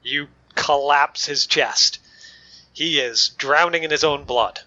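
Guy running a tabletop game, bright higher voice, kinda muffled lo-fi mic. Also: takes it slowly. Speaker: game master. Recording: dull lo-fi mic.

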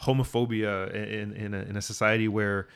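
Rambling, animated man chatting casually. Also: on the low side, normal speed, clean tone. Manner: animated, rambling, frequent restarts. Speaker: podcast co-host. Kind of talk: casual chat.

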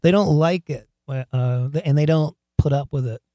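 A man telling wild stories in an interview, excitable and profane, stammering, laughing often and breaking into loud shouts. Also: on the high side, normal speed, no echo, studio quality. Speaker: guest, rock singer. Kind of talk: animated storytelling in an interview.

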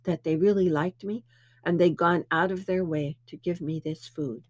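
A woman's voice: on the low side, steady tone, moderate pace, natural voice. A woman voicing an earnest male monk recalling a moment of clarity. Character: reflective male Hindu monk.

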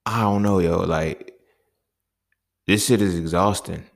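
A man with a very low, gravelly voice and plenty of vocal fry. He hosts his own podcast and rants in a heated, profane, exasperated way. He sounds like a young adult talking off the cuff. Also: a little slow. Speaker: podcast host. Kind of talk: casual solo podcast monologue.

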